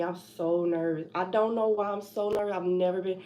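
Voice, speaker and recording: A woman's voice: medium pitch, normal speed, a little mellow. A young woman hosting a casual livestream from home, anxious and rambling, sighing and laughing nervously as she talks. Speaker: trucking vlogger.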